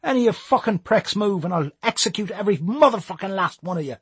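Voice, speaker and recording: A man voicing a nervous, clumsy young male robber with a high, shaky, eager delivery. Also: animated, fast talker, a bit bright, breathy edge, no room sound, heavily acted.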